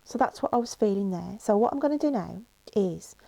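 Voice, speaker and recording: A woman's voice: medium pitch, lively intonation, fairly quick, gravelly, dark tone, no room sound. A woman giving a tarot reading, talking to viewers in an emotional, reassuring way with many fillers and frequent "okay?" checks. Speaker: tarot reader.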